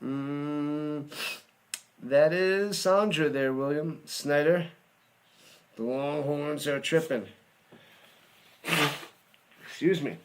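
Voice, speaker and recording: Excitable man calling a game live. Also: fairly high pitch, slow, long pauses. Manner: excitable, chatty, hums and sings to himself. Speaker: watch party host. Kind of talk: live play-by-play commentary with chat.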